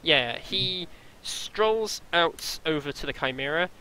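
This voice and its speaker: A man running a tabletop game as game master, describing scenes in a halting way with many fillers. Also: a little high, expressive, a crowd in the background, low-quality recording.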